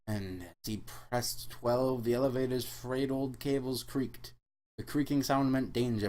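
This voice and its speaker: A man hosting a mock-serious comic book reading, narrating deadpan. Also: medium pitch. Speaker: host and reader.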